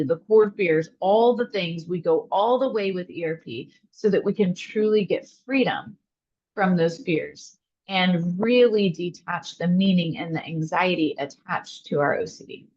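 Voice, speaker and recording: A woman therapist answering interview questions, telling stories in an animated way and speaking straight to her listeners. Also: fairly low pitch, moderate pace. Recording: slightly dull lo-fi audio.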